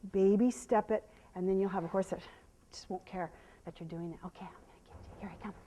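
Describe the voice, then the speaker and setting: A woman horse trainer giving a live demonstration, explaining to viewers and softly praising the horse, sometimes dropping to a hush. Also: medium pitch, fast talker. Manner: drops to a hushed whisper when calming the horse.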